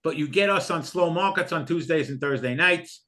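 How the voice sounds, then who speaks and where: A man's voice: on the high side, normal speed, sharp tone. A man selling a trading course on a live stream, earnest and openly emotional, often repeating himself. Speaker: trading educator. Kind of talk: live sales pitch for a course.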